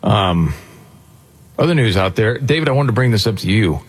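Husky-voiced man hosting a talk show. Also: fairly low pitch, animated, normal speed. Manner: conversational, leads topics. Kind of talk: casual talk radio chat.

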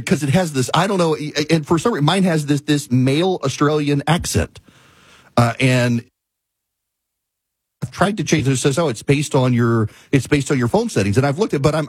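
A man with a slightly husky voice delivers a rambling talk show monologue, exasperated and emphatic. He repeats his points to hammer them home, and the sound is close and dry. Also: animated, normal speed, no room sound. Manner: laughs mid-sentence and bursts into high-pitched exclamations. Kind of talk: casual monologue, ranting storytelling.

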